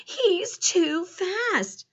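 A woman's voice: fairly high pitch, expressive, a little slow, fairly bright tone. A woman voicing a shy, earnest young schoolboy who talks eagerly and breathlessly. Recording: dull lo-fi recording.

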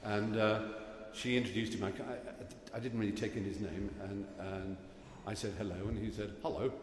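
A middle-aged man from England giving a wry, anecdotal graduation speech at a podium, halting now and then with fillers. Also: fairly low pitch, fairly even intonation. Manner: wry, self-deprecating storyteller, halting with fillers. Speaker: graduation guest speaker. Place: large hall. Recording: echoey hall with long reverb, faint room noise.

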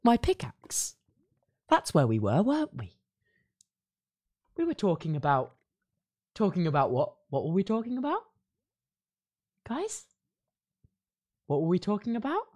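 Young male streamer, high lively voice, hams up fake anger. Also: unhurried, long pauses. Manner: theatrical mock outrage breaking into giggles. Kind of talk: casual gaming livestream chat.

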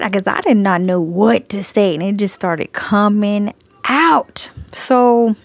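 A woman with a mid-range, gravelly voice tells her story as a casual spoken testimony, animated and a little slow. A Christian video creator sharing messages, she laughs often and acts out both sides of her conversations in a dry phone recording.

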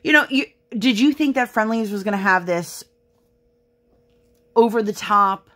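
A woman's voice: mid-range voice, measured pace, fairly bright tone. A young woman chatting casually while she works on a craft project, telling stories with many fillers. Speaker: crafting vlogger.

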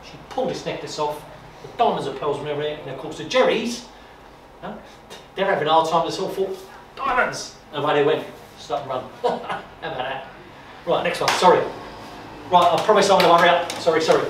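A man giving an informal talk at an exhibition, telling stories in a chatty, animated way with repetitions and asides. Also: a little high, fast talker. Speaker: guest speaker on wartime history. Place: exhibition room. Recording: echoey room from far off, noisy.

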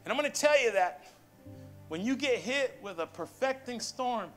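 A pastor preaching in a high, bright-pitched voice, punchy and playful, calling for the congregation to answer him. Music plays clearly underneath his sermon. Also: lively intonation, normal speed. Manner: call-and-response, punchy, playful asides. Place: church sanctuary. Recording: music behind.

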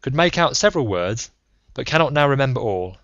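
Male audiobook narrator, measured reading, dry close sound, slightly dull lo-fi audio. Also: medium pitch, big pitch swings, fairly bright tone, no room sound. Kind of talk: scripted narration. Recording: slightly muffled lo-fi recording.

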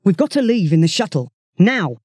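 A cold, flat android disguised as a young man, put on by a man reading a storybook. The lines come out wooden and without feeling, in a mellow, slightly husky tone. The sound is close and dry. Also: high voice, moderate pace, no echo, heavily acted. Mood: flat insistent. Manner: wooden, expressionless.

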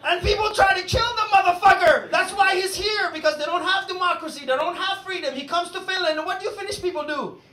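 Brash, high-voiced stand-up comedian. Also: male voice, quick pace. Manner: brash, profane, punchy delivery. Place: comedy venue with live audience. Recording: echoey room, far mic, loud crowd and noise.

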